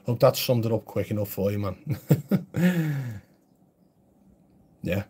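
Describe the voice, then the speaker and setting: A man's voice: on the low side, expressive, slow pace, dark tone, breathy edge. A man chatting casually on a live stream, answering viewer comments in a blunt, chatty way.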